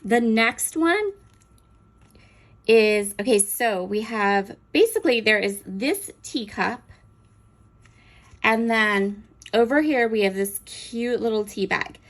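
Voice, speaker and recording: A woman hosting a crafting video, chatting enthusiastically as she unboxes and describes stamp sets, pausing now and then to look things over. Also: medium pitch. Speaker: crafting channel host. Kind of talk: unboxing show-and-tell.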